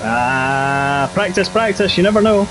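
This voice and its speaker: Chatty high-voiced race commentator. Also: male voice, animated, unhurried, over music. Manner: chatty and jokey, with playful quips. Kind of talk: live sim-racing commentary.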